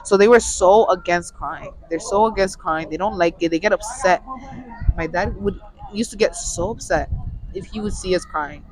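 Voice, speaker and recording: A woman's voice: lowish voice, normal speed, a little mellow, dry recording, rough recording. A young woman on a podcast, talking in a casual, rambling way and often restarting her sentences. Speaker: podcast co-host. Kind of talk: casual chat. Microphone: studio mic.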